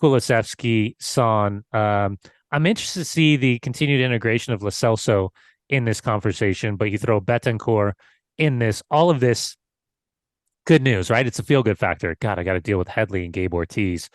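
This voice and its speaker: A man's voice: fairly low pitch, moderate pace, dry recording. Man, podcast co-host, teasing, analytical, dry sound. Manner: teasing, analytical, repeats phrases. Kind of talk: casual football chat.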